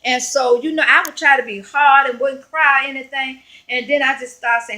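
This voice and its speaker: A woman evangelist speaks to her viewers in a crisp, bright voice that sits a little high. She tells her story in an earnest, conversational way and keeps pausing with fillers as she goes. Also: fairly even intonation, rough recording. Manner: halting, rambling retelling full of fillers. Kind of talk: personal storytelling vlog.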